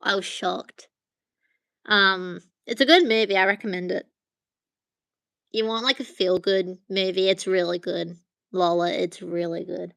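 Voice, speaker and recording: Bright, chatty woman streamer. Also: fairly low pitch, fairly even intonation, unhurried, gravelly, long pauses, dry recording. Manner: rambling and chatty, full of "um" and "like". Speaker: livestream host. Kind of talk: casual livestream chat with viewers. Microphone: phone.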